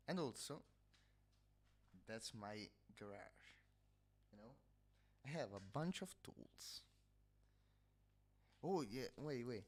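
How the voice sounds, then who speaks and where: A man's voice: mid-range voice, expressive, very slow, pauses often, slightly rough. A man from Italy speaking English with an Italian accent, chatting casually on a livestream, nasal-sounding and hesitant, often stopping to search for words. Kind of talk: casual chat. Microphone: headset.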